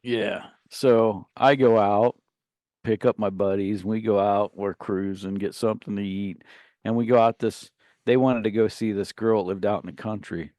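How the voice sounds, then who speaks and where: A man's voice: fairly low pitch, fairly even intonation, moderate pace, dry recording, clean studio sound. Man spinning a rambling, profane story. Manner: rambling anecdote with profanity, acts out yelling relatives. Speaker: radio show co-host. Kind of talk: casual storytelling banter. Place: radio studio.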